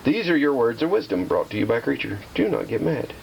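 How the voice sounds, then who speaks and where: A man vlogging while restoring a slot machine, chatty and self-deprecating, talking to viewers and repeating calming phrases to keep himself from getting mad. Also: mid-range voice, fairly quick, creaky, a little hiss or hum, rough recording. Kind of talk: casual workshop vlog.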